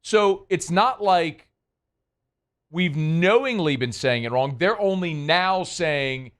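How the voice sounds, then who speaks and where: A man's voice: on the high side, lively intonation, takes it slowly, fairly bright tone, smooth. A man hosting a sports radio show, chatting casually in a rambling, playful, self-deprecating way. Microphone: studio microphone.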